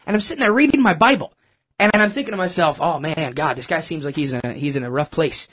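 A man telling a personal story in a casual, animated, self-mocking way, with lots of restarts. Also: fairly high pitch, quick pace, breathy edge. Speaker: churchgoer sharing a testimony.

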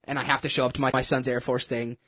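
A man telling a personal story in a casual, animated, self-mocking way, with lots of restarts. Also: mid-range voice, quick pace. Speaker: churchgoer sharing a testimony.

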